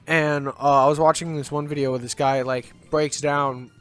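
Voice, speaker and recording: A man's voice: a little high, little pitch movement, normal speed, fairly bright tone, faint music behind. A man co-hosting a casual couch chat over gameplay, talking loosely with swearing and stumbling restarts. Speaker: co-host.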